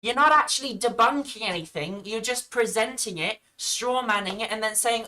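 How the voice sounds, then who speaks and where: A woman's voice: fairly high pitch, moderate pace, hardly any pauses, pushed and bright, rough recording. A woman giving reaction commentary on a video, arguing back at the screen in an exasperated, argumentative way.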